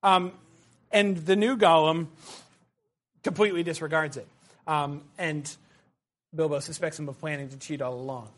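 High-voiced male lecturer. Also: moderate pace, pauses often. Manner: animated, with fillers and acted asides. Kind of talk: classroom lecture.

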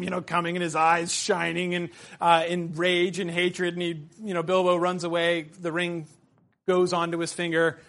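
A middle-aged man teaching a literature class, his voice pitched high for a man. He talks loosely, with fillers and playful asides. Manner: animated, with fillers and acted asides. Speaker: lecturer. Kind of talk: classroom lecture.

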